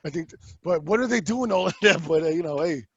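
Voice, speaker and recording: A man co-hosting a movie podcast in casual chat, animated, acting out scenes in voices and swearing casually. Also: fairly high pitch, fast talker, breathy edge, no echo, lo-fi sound. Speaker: podcast host.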